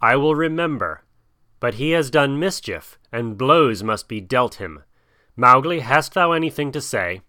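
A man's voice: medium pitch, animated, a little slow, bright, forceful tone, no room sound, clean studio sound. A man voicing a proud black panther who scolds in a stern manner.

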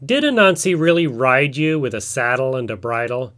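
A man voicing a kind village chief who speaks quietly and politely, in a told folk tale. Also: mid-range voice, very animated, normal speed.

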